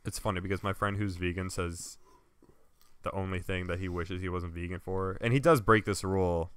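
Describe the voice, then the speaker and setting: A man's voice: low voice, steady tone, fairly quick, clean tone, dry recording. A young man co-hosting a casual podcast who teases and questions his co-host, laughs often and swears freely. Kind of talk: casual chat.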